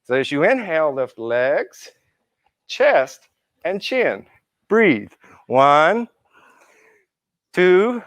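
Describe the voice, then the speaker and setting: A man's voice: mid-range voice, clean tone, dry recording. A man teaching a live yoga class, counting students through poses with encouraging cues and playful asides. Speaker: yoga instructor. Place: indoor yoga class room.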